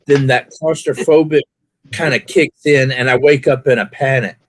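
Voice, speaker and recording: A man from Alabama on a live panel, telling stories in an animated way, acting out his reactions and laughing at himself. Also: medium pitch, moderate pace, dry recording. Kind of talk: casual chat.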